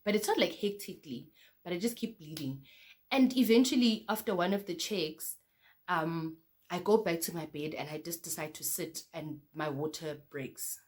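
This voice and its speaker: A young South African woman with a slightly low voice recounts her own story straight to her viewers. She keeps it loose and conversational, calling them "guys" and marking each new beat with a quick "okay, cool.". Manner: chatty, addresses viewers as guys, repeats "okay, cool" between beats. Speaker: vlogger. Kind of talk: casual storytelling to camera.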